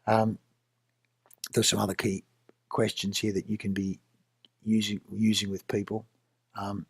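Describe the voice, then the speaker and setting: A lowish, husky Australian man coaching leaders, firing off question after question in a blunt, plainspoken way. The sound is dry and close, with no room around it. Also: little pitch movement, moderate pace, pauses often, dry recording. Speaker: business coach and trainer. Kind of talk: coaching talk with role-played examples.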